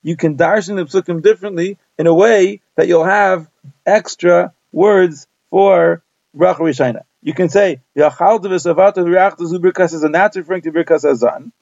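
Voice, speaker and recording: A man leads a daily page Talmud class, reading each phrase of the Hebrew-Aramaic text and then translating and explaining it line by line. His voice is high-pitched and darkish with vocal fry, at a moderate pace, on a dull, dry lo-fi recording.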